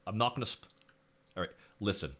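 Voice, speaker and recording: A man streaming, chatting casually and excitedly, swearing freely as he reacts. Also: lowish voice, fairly quick.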